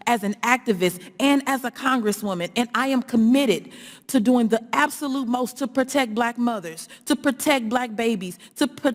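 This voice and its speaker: A woman's voice: on the high side, moderate pace, in a large hall. A woman, a politician, giving an earnest, emphatic public speech and repeating her key phrases.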